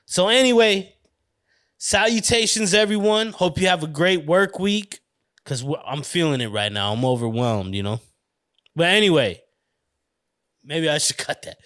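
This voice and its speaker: A man's voice: mid-range voice, fairly bright tone, clean tone, dry recording, studio quality. A man with a US East Coast accent hosting a podcast alone, rambling in a loose, profane, casual monologue and often breaking into laughter. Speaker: podcast host.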